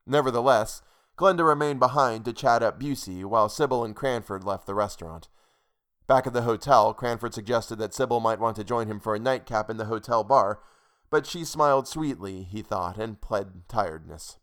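A man narrating a short story for a podcast, steady and measured. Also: lowish voice, clear, resonant tone. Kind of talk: scripted fiction narration.

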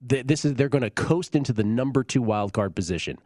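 A man hosts a sports betting show and gives his picks in blunt, confident, dismissive terms. His voice sits at an ordinary pitch and sounds dry and close, with no room around it. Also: animated, brisk, darkish tone, dry recording. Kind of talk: casual sports betting talk.

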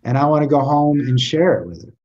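A man's voice: a little high, animated, a little fast, darkish tone, highs cut off. A man in casual conversation, telling stories animatedly with frequent restarts and stammers. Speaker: podcast guest. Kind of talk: storytelling in casual chat.

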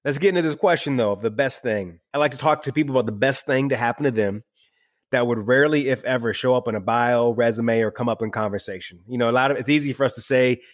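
An enthusiastic male podcast host who talks quickly and conversationally. He has a mid-range voice, and it is recorded close and dry with no room sound. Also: mid-range voice, no room sound. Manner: enthusiastic, conversational, asks reflective questions. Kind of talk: casual interview chat.

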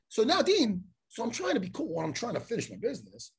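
A man hosting a podcast, telling a story in a profane, animated way and acting out the lines of the people in it. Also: high voice, brisk, gravelly, slightly rough. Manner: profane, animated storyteller who acts out quotes. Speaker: podcast host. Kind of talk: casual storytelling chat.

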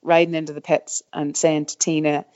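Woman, middle-aged, lowish voice, rambling, many fillers, dull muffled recording. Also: level tone, normal speed, darkish tone. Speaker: guest, former downhill mountain bike racer. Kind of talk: casual interview storytelling.

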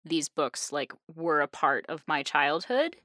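A young adult woman hosting a casual group podcast chat, animated and laughing often with quick asides. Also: low-pitched, no echo, studio quality. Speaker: podcast host.

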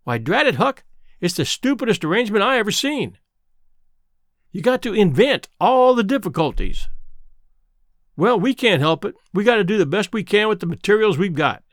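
A man's voice: high voice, sing-song, moderate pace, no echo, clean studio sound. A man voicing a brash, bossy boy who schemes and grumbles in a folksy dialect. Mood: scheming grumble.

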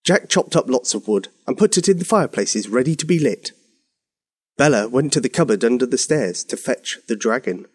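A man narrating a bedtime story for young children, expressive and animated. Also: mid-range voice, moderate pace, slightly rough.

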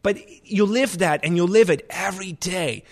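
A man, a chef, telling stories in a lively conversational way, often restarting his sentences. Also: sits high, moderate pace. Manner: animated, restarts often, acts out kitchen shouting. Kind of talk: conversational storytelling.

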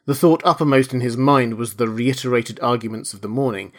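A man narrating a classic novel aloud, measured and letting his voice fall quietly at the end of each phrase. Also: medium pitch. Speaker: audiobook narrator. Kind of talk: scripted narration.

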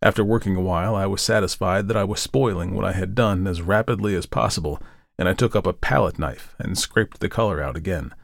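A man narrating a horror story in a measured, deliberate way, slowing down for the grim parts. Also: low voice, gravelly, no echo. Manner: measured, deliberate, slows for dread. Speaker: podcast host and reader.

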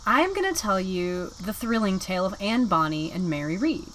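A woman with a North Carolina accent co-hosting a podcast, giggling and animated as she tells stories. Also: medium pitch, normal speed, slight background noise. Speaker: podcast co-host. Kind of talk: casual chat. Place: inside an RV.

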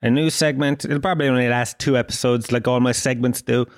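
A man in his thirties with a Dublin Irish accent, ranting and swearing on his own solo podcast, mock-indignant and animated. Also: medium pitch, fairly quick. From Ireland. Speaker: podcast host. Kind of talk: casual solo podcast rant.

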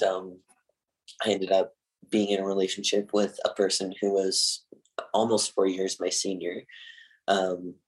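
A young man from Canada, telling a personal story candidly and haltingly, with many fillers and nervous laughs. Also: sits low, rough recording.

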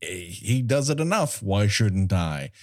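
A man's voice: on the low side, sing-song, a little slow, a little mellow. A man co-hosting a casual film podcast, talking in a profane, sarcastic way. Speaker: podcast co-host.

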